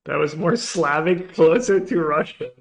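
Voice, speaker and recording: A man streaming a card game, thinking his moves through aloud and trailing off into quiet mutters, with joking asides to chat. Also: on the high side, unhurried, vocal fry. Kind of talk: thinking aloud while playing.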